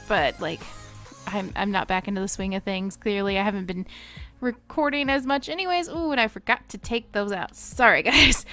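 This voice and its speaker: A young woman talks casually over her game build, jumping between stories with frequent giggles and sheepish apologies. Her voice is bright and crisp at a mid pitch. Soft music plays faintly behind her. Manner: rambling, chatty, giggly, apologetic. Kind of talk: casual chat over gameplay.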